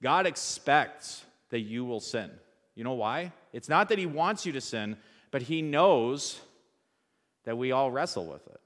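A man's voice: medium pitch, lively intonation, unhurried, a bit bright, in a large hall. A man preaching a sermon in a church, talking conversationally and asking the audience rhetorical questions.

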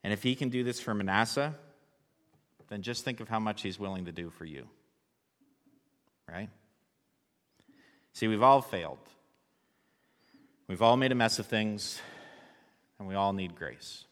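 Man, pastor, sermon, relaxed chatty delivery, lowish voice, long hall echo. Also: unhurried, long pauses. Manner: relaxed and conversational, joking with the congregation.

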